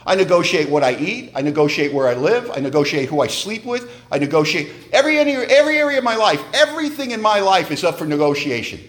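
A man sharing his story at a recovery meeting, animated and joking in a wry way. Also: sits high, fast talker, hardly any pauses.

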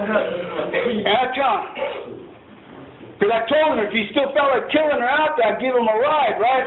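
A man tells his recovery story at a meeting in a high, gravelly voice, swearing freely and checking in with his listeners again and again. The sound is tinny and phone-like, with the echo of a hall around him. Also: background noise. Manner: animated, swearing, storytelling with repeated "right?". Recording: echoey hall over a tinny phone-like line.

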